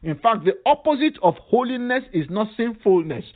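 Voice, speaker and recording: A man's voice: high-pitched, sing-song, normal speed. A male pastor leading a fervent prayer sermon, repeating emphatic phrases. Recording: tinny phone-line sound.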